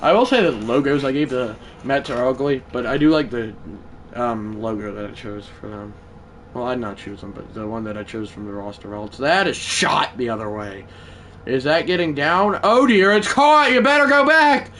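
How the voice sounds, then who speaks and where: A man livestreaming a baseball video game, chatting to viewers and shouting when big hits land. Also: medium pitch, normal speed, slight background noise. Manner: excitable, swings from mumbled asides to shouted play calls. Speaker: gaming livestreamer. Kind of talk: live gameplay commentary.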